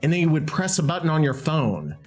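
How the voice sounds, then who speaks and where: A man hosting his own show in a casual, rambling way, excitable and swearing freely. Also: a little high, fairly quick, over music. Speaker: host. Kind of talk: casual talk while using AI tools.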